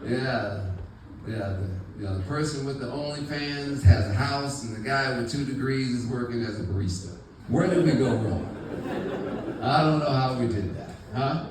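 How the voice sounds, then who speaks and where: A man's voice: mid-range voice, normal speed, heavy reverb, recorded from a distance, noisy background. A male stand-up comedian telling stories in a rambling, chatty way on a club stage. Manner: rambling, chatty, many fillers. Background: audience laughter.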